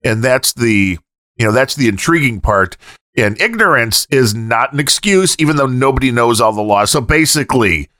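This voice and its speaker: A man's voice: medium pitch, animated, moderate pace, pushed and bright, dry recording, studio quality. A man co-hosting a podcast in casual chat, cracking jokes and jumping in with asides. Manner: wisecracking, jumps in with jokes and asides. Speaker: podcast co-host.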